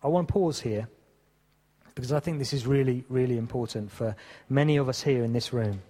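A male preacher delivering an earnest sermon at a mid-range pitch. His voice carries a long hall reverb, and he acts out quoted exchanges, dropping to a hush and then rising again. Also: brisk. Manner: earnest, acts out quoted dialogue with shifting volume. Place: church hall.

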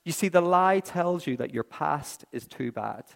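A man preaching a sermon, telling stories with swings from hushed to excited. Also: fairly high pitch, unhurried, gravelly. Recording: long reverb of a large hall.

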